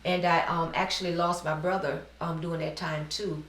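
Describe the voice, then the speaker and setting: Speaking at a normal speed with a level, fairly bright tone, this New Orleans woman's voice sits fairly low. She is a middle-aged business owner sharing her life story in a sincere, heartfelt interview; the distant mic picks up a roomy sound and a little hiss or hum.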